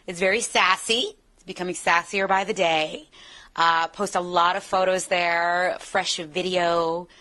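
An American actress in a casual interview, talking in an animated, playful way. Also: female voice, on the low side. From United States. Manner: animated, playful, slips into accents.

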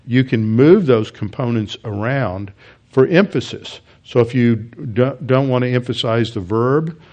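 Halting man teaching a Bible class. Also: medium pitch, darkish tone. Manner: halting, many restarts and fillers, explanatory. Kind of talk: classroom lecture.

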